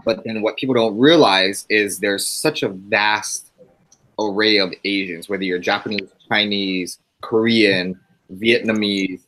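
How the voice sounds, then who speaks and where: A man's voice: on the low side, fairly even intonation, unhurried, fairly bright tone, low-quality recording. A man from Hawaii who grew up there, talking reflectively in a class discussion with fillers and restarts. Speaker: graduate student in a class webinar. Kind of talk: casual discussion.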